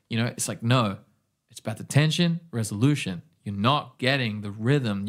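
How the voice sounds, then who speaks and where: A man's voice: medium pitch, a bit bright. A man with an Australian accent teaching an online guitar lesson, talking enthusiastically and rambling. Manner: enthusiastic, rambling, scats rhythms aloud. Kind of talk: casual online music lesson.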